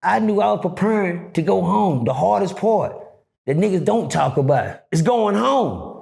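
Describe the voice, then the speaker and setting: Middle-aged guy with a gravelly high-ish voice, telling a story, pitch jumping all over. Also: sing-song, moderate pace, darkish tone. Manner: acts out voices, swings pitch widely, swears freely. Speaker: guest telling prison stories. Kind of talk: animated storytelling.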